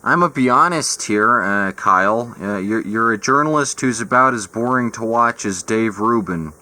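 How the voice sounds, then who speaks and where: A man's voice: fairly low pitch, lively intonation, moderate pace, pushed and bright, reverberant. A man from Denver ranting through a profane, exasperated video essay. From Denver, Colorado.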